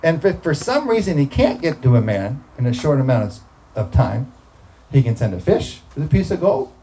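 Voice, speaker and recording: A man's voice: mid-range voice, very animated, moderate pace, warm tone, a little hiss or hum, rough recording. A man preaching a sermon, talking through scripture in a conversational way and breaking into emphatic bursts.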